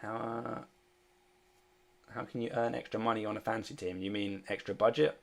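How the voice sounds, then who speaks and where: A fantasy sports streamer answers viewer questions in a casual livestream, reading the chat aloud. His lowish voice has vocal fry and fairly even intonation at a normal speed, and he rambles hesitantly with many fillers.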